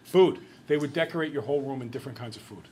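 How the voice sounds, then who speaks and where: A man's voice: medium pitch, quick pace, crowd noise, low-quality recording. A man teaching a math class, telling a long story and quizzing his students as he goes. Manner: lively, chatty storyteller who quizzes the class.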